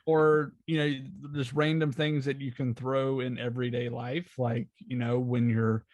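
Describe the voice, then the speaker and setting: A man guest on a podcast in casual chat, halting and often restarting. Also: mid-range voice, flat delivery, a little mellow, no echo.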